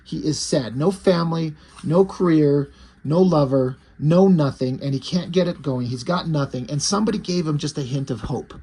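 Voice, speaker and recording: A man reviewing a comic book in casual talk, retelling the plot with excitement, swearing freely and acting out the characters' lines. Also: a little high, moderate pace, breathy edge.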